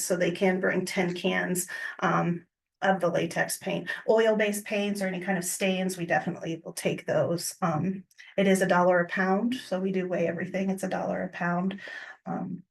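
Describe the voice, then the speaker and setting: A woman from a county waste office explaining a recycling program at a public meeting, casual with frequent pauses and fillers, with a Midwestern American accent. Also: mid-range voice, distant mic. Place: county government meeting room.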